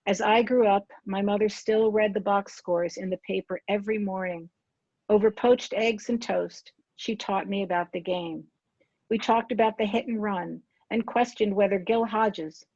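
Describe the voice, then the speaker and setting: A woman's voice: medium pitch, a little mellow, no room sound, muffled recording. Woman in her 60s reading her memoir. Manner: measured, unhurried reading with small self-corrections. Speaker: author.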